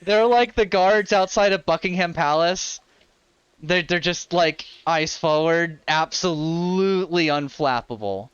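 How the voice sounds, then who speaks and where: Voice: medium pitch, measured pace, clean tone, dry recording, lo-fi sound. A game master narrating a tabletop game in a casual, rambling way full of fillers. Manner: casual, filler-heavy storytelling. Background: ambient fantasy music.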